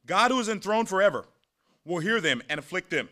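A man preaching a morning sermon, animated, with sarcastic asides and words repeated when he gets going. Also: high voice, brisk. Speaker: pastor.

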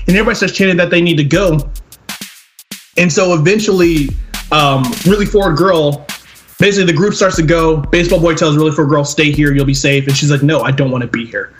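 A young man in casual podcast chat, excitedly retelling a movie plot, acting out quotes and laughing often. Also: fairly high pitch, quick pace, faint music behind. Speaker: podcast co-host. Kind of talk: casual film review chat.

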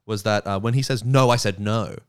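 A man co-hosting a casual podcast, recapping a TV episode with wry, deadpan asides. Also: fairly quick, clear, resonant tone. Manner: wry, deadpan asides, drops lower for quoted lines. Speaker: podcast co-host.

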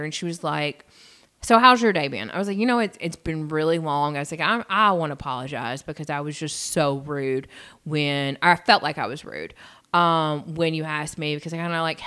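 A woman co-hosting a casual podcast, telling a story with lively energy. Her voice sits on the lower side and sounds smooth and clear. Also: fairly quick. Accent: regional accent. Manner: animated storyteller, acts out quotes. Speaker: podcast co-host.

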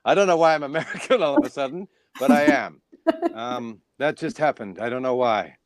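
A man doing a high bouncy puppet self. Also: very animated, normal speed, dry recording, clean studio sound. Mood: playful. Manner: bouncy, playful. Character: cheerful American-sounding puppet version of himself.

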